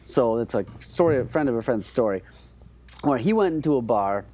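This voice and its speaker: A man's voice: mid-range voice, expressive, normal speed, a little mellow. A man co-hosting a podcast, telling an anecdote in a rambling, hesitant way with many restarts. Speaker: podcast co-host. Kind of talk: casual chat, storytelling.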